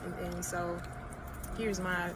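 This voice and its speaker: A woman's voice: on the low side, level tone, takes it slowly, a crowd in the background, low-quality recording. A woman speaking hesitantly in casual chat, giggling and trailing off, outdoors. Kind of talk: casual chat in a played clip.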